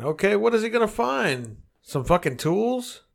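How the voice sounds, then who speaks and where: A man's voice: high-pitched, big pitch swings, a little slow, creaky. A man co-hosting a podcast, ranting in a heated, profane, rambling way. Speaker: podcast co-host. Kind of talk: casual podcast rant.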